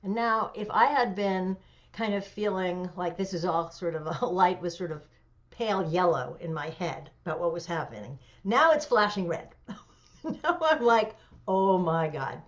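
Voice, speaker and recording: A woman in her seventies speaks with a somewhat low voice as an interview guest. She tells her story with animation, pausing and using fillers, and the recording sounds dull and lo-fi. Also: lively intonation. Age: 70s. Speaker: interview guest, memoir author. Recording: dull lo-fi audio.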